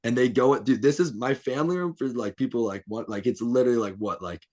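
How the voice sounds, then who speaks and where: A man's voice: mid-range voice, fast talker, darkish tone. A young man telling rowdy, profane stories as a guest on a casual podcast, laughing as he goes. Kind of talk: casual storytelling chat.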